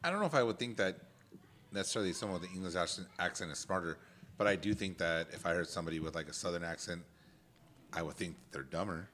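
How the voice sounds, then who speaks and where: Deep-voiced rambling Californian man. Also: fast, fairly bright tone, slight background noise. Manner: rambling, lots of "like" and restarts. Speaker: podcast co-host. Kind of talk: casual chat.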